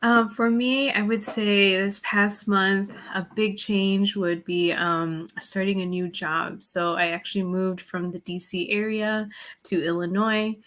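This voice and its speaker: Thoughtful soft-spoken woman. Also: medium pitch, fairly even intonation, measured pace. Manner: thoughtful, hesitant, many ums. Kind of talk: casual chat.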